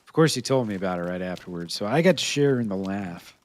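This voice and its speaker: A man from the United States with a lowish, expressive voice talks at a quick pace while live-streaming a video game. He chats with viewers, laughs often and mutters to himself as he searches for gear.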